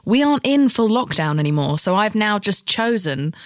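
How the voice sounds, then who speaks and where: A woman's voice: medium pitch, sing-song, normal speed. A woman hosting a podcast, chatting casually, blunt and jokey, swearing freely. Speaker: podcast host.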